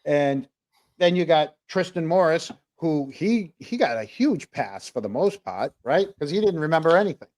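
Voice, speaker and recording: A man's voice: a little high, lively intonation, normal speed, a little mellow. A man co-hosting a casual livestream talk show, rambling through viewer comments with plenty of fillers. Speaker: podcast co-host.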